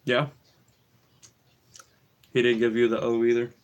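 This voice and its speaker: A man hosting a laid-back livestream at an ordinary middle pitch. He teases his co-host and reads out chat comments in a playful, joking tone. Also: little pitch movement, measured pace, highs cut off.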